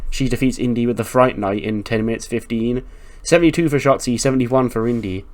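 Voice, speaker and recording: A man's voice: mid-range voice, a little fast. A man hosting a let's-play, narrating a wrestling management game in casual, profane, joking commentary.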